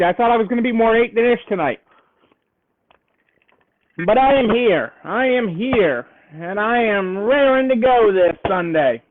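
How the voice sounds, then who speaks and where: A man hosting a casual live stream for store owners, upbeat and cheerleading, repeating his phrases and playing up a southern twang. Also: very high-pitched. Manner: playfully putting on a southern twang. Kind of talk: casual live stream chat greeting viewers. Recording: tinny phone-like sound.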